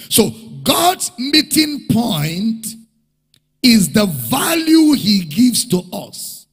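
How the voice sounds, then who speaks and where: A man's voice: extremely high pitch, big pitch swings, very slow, fairly bright tone, slightly rough. A male pastor preaching a sermon emphatically, repeating key phrases and calling for responses from the congregation. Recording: long hall reverb.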